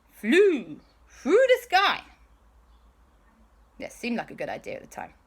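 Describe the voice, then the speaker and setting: Woman telling a bedtime story, super animated, bright voice, sound effects. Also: mid-range voice.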